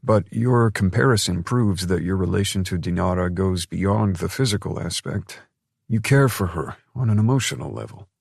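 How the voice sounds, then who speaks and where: A man narrating a calm, analytical drawling man. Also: deep voice, vocal fry, slightly rough, no room sound, clean studio sound, voice pushed up, full character voice. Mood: measured. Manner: measured, drawling. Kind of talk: audiobook narration.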